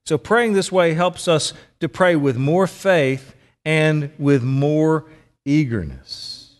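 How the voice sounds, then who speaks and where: Slow and on the high side, this middle-aged man's voice carries a long reverb tail. He is a preacher delivering a sermon in a conversational manner. He frequently asks his audience questions.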